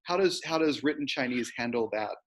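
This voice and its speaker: A man's voice: mid-range voice, expressive, fairly bright tone, a little hiss or hum. Enthusiastic man moderating a Q&A. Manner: enthusiastic, halting questions with restarts. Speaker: program moderator. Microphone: video call.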